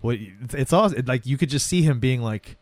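A man's voice: medium pitch, fast talker, dry recording. A young man in casual chat, recapping a TV episode and acting out the characters' lines as he goes. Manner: animated, acts out characters' lines while retelling. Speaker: podcast co-host.

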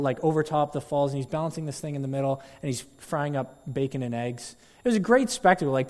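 A man pastor giving a sermon, telling a story with animated delivery and acting out crowd voices. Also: fairly high pitch, long reverb tail. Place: church.

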